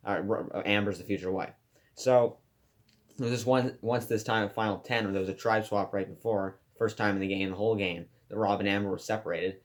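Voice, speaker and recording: A man with a fairly low voice gives an eager class presentation, stumbling and restarting as he goes. His delivery is casual and heavy with fillers. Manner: enthusiastic, rambling with fillers and restarts. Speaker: student presenter.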